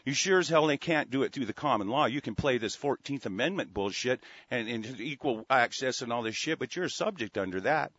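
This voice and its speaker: A man's voice: medium pitch, expressive, a little fast, few pauses, a bit bright, no echo. A man hosting a talk radio show, ranting furiously with heavy swearing and many stumbling restarts. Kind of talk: angry call-in radio rant. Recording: dry, dull lo-fi studio sound.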